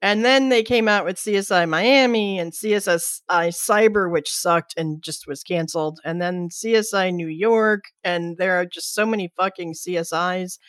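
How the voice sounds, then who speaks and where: A woman's voice: fairly low pitch, normal speed, few pauses, no echo. A middle-aged woman co-hosting a podcast in casual chat, blunt, swearing and dropping into whispered asides. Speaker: podcast co-host.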